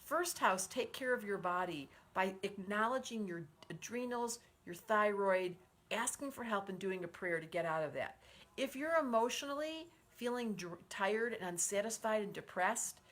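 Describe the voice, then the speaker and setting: Her voice sits at medium pitch, animated and fairly bright, moving at a moderate pace. She's a woman in her sixties running an astrology live stream, warmly effusive as she reads viewer comments aloud and leads group breathing, all through a livestream setup.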